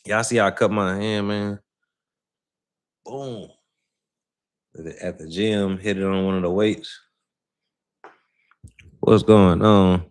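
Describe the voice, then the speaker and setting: A young man from Saint Louis hosting a casual livestream, chatting loosely with viewers in slangy, rambling talk. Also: low voice. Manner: loose slangy talk, chatty, lots of "you know what I'm saying". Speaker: livestream host.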